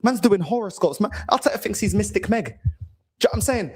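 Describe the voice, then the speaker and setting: A man's voice: high-pitched, lively intonation, brisk, darkish tone, husky. A man hosting a fan channel, ranting furiously about his team, swearing and repeating himself. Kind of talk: angry fan rant to camera.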